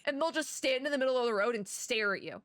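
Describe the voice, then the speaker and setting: A woman's voice: fairly high pitch, animated, fast, fairly bright tone, dry recording. A young woman from Michigan reading a game's story aloud with chatty, laughing asides. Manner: chatty, laughs often, wanders into stories. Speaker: gaming content creator.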